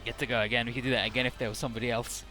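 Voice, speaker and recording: A man's voice: mid-range voice, little pitch movement, racing, bright, forceful tone, soft background music. A man casually recapping a game story as a let's play host, irreverent, swearing, with many fillers.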